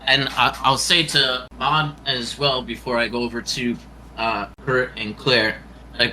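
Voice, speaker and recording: A man's voice: medium pitch, flat delivery, a little slow, pushed and bright, slight background noise, poor audio. A man playing a tabletop game, chatting in an easygoing way with casual swearing. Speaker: player.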